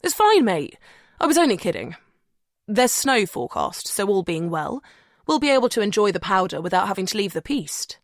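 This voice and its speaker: A woman's voice: medium pitch, brisk, no echo, studio quality, close to an everyday voice. A woman voicing a cheerful man, a doctor who teases his friend in chummy banter. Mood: teasing.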